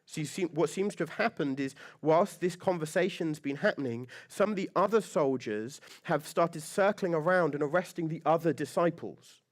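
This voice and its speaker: A man's voice: on the high side, normal speed, few pauses. Guy giving a sermon, talks like he's chatting, cracks jokes, keeps asking the room questions. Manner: conversational and joking, asks many rhetorical questions. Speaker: pastor.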